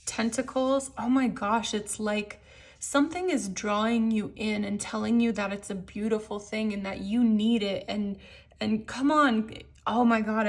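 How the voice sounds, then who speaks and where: Excitable woman doing a tarot reading. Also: medium pitch. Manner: animated, excitable, laughs often. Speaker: tarot card reader. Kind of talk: casual pick-a-card reading.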